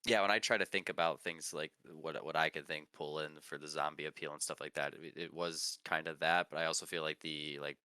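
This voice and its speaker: Deep bright-toned man rambling casually. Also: steady tone, brisk, hardly any pauses, smooth, no room sound. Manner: rambling, searches for words, laughs often. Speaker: podcast co-host. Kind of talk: casual chat.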